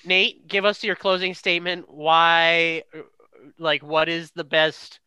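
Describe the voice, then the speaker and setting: A man with a fairly high, bright and crisp voice that is recorded very dry and close. He moderates a casual chat in an easygoing, hesitant way, with plenty of fillers. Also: little pitch movement, slow pace, dry recording. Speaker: podcast host, moderator.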